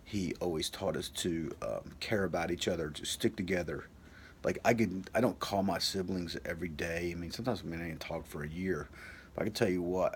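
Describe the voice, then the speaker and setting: Man, storyteller. Very low voice, creaky fry, rambling delivery with lots of fillers. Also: fairly quick, a little hiss or hum. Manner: rambling, fillers like "like" and "you know". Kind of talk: personal storytelling.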